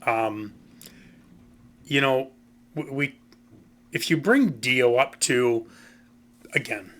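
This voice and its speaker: A man of middle pitch rambles through a casual music commentary. His bright, forward voice stays opinionated and animated, and he leans on "you know" and "um" as he talks. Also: very slow. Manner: says "you know" and "um" often. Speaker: host.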